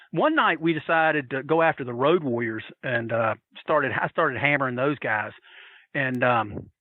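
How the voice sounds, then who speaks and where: A man telling wild stories as a podcast guest, animated and profane, laughing his way through them. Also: on the high side, dry recording, narrow, tinny audio. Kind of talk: casual storytelling.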